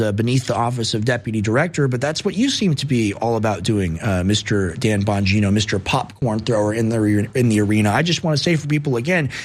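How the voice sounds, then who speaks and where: A man hosting a political commentary show, combative and mocking as he reads posts and answers them. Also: medium pitch. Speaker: show host.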